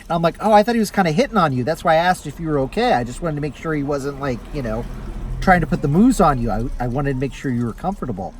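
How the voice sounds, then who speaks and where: A man who drives for a ride-hail service, telling stories to camera in a casual way and jumping into higher voices when he acts out his passengers. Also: expressive, fast talker, a little hiss or hum, low-quality recording. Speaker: rideshare driver and vlogger. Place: inside a car.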